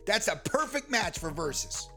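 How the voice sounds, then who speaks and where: A man's voice: high voice, very animated, moderate pace, bright, forceful tone. A man co-hosting a casual talk show, talking emphatically about music history and the industry. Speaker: podcast co-host. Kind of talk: casual chat.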